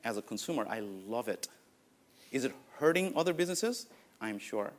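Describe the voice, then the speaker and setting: A man's voice: mid-range voice, normal speed. Nepali-accented man giving a keynote. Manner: anecdotal, lively, many "uh, you know" fillers. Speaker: conference speaker. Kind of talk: conference keynote talk.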